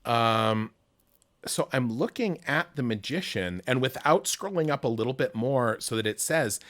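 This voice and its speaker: Middle-aged male stream host, rambling and animated, mid pitch. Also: unhurried. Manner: rambling, many fillers and restarts, animated storytelling. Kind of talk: casual livestream interview.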